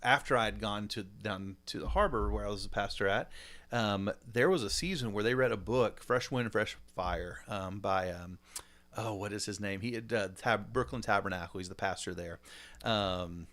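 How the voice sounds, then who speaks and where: A man, a pastor hosting a podcast, talking in animated, rambling casual chat with frequent laughs and fillers. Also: lowish voice, moderate pace.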